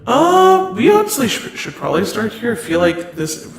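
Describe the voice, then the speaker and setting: A man's voice: very high-pitched, wildly swooping pitch, normal speed, gravelly, reverberant. A man chatting casually and swearing freely while setting up a roleplay, talking into a headset. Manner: loose, profane, rambling.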